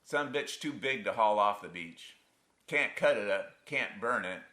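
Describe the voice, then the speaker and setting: A man's voice: fairly low pitch, lively intonation, a little slow, bright, forceful tone. A man acting a stage monologue as a grown son haunted by his abusive father, telling it in a wry, folksy rural dialect on a theatre stage. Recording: roomy theatre sound.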